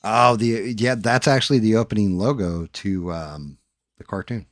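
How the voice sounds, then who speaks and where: A man's voice: lowish voice, moderate pace, dry recording, studio quality. A man hosting a live stream, telling stories casually and swearing freely. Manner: laid-back storytelling with swearing.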